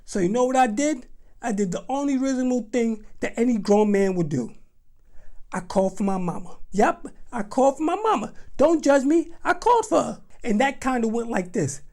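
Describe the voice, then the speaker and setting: A young man tells a comic story in an animated, dramatic, exaggerated way. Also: very high voice, moderate pace. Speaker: vlogger.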